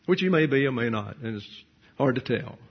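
A male preacher with a slightly husky voice works through scripture verse by verse. He poses rhetorical questions, then answers them in a didactic, matter-of-fact way, with the odd dry aside. The recording is dull and a bit lo-fi. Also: medium pitch, animated, brisk. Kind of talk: verse-by-verse sermon.

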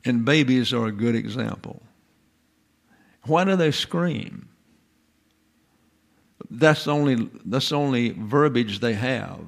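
A man teaches in a loose, rambling lecture, posing rhetorical questions to his listeners. His voice carries a gravelly rasp at a middling pitch. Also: takes it slowly, pauses often. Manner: folksy, digressive, asks rhetorical questions. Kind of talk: informal lecture.

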